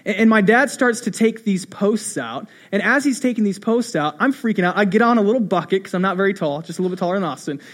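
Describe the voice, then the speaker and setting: A man's voice: high voice, quick pace, hardly any pauses. A young adult man preaching a sermon to his congregation. He talks conversationally, repeats key phrases and tells stories with self-deprecating humor. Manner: animated storytelling, repeating phrases. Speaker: pastor.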